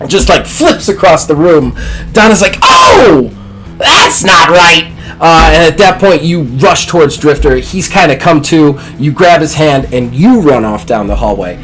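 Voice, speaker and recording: A man's voice: fairly high pitch, expressive, normal speed, hardly any pauses, music in the background, rough recording. A man acting as game master, narrating a tabletop role-playing game in a casual way, with fillers.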